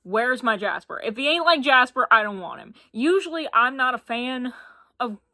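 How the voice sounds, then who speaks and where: A woman's voice: sits high, lively intonation, normal speed, bright, forceful tone, no echo, clean studio sound. A young woman from Appalachia, chatting casually and gushing about books in a reading vlog. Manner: chatty, gushing and self-deprecating. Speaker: book vlogger. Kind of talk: casual chat.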